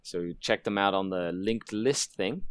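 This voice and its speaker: A man's voice: on the low side, measured pace, smooth, no echo. A man from Canada, a guest on a podcast, talking casually about his team with lots of restarts. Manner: rambling, many fillers and restarts. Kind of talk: casual chat.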